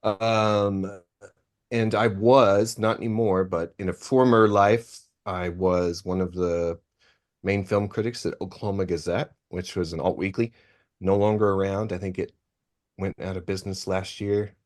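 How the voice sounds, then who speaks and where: A deep, low-pitched man answers questions as a guest critic on a podcast. He talks about his work in a modest, easygoing way, pausing on small fillers as he goes. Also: steady tone. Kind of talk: casual interview talk.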